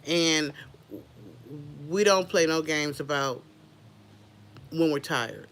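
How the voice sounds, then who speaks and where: Animated, bright-voiced woman hosting a livestream. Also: low voice, takes it slowly. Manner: animated, chatty, addresses viewers directly. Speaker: livestream host. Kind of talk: unscripted casual chat.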